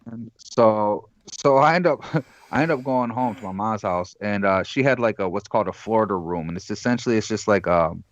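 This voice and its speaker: A man's voice: on the low side, moderate pace, no room sound, dull audio. A man from Michigan, calling in as a guest and telling a long profane story, acting out the people in it. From Michigan, USA. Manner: profane, rambling, acts out the other people in the story. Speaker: caller guest. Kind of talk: casual storytelling.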